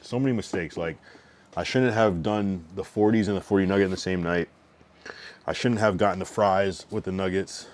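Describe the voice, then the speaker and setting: A young male streamer chats loosely on a livestream, full of slang and swearing. He's drunk, overfull from eating, and a bit out of breath, and his voice is low-pitched at normal speed.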